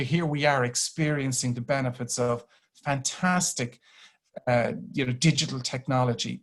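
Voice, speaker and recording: An Irish man giving a webinar presentation over a video call, often restarting his phrases. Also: medium pitch. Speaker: grid company chief executive. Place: home office on a video call.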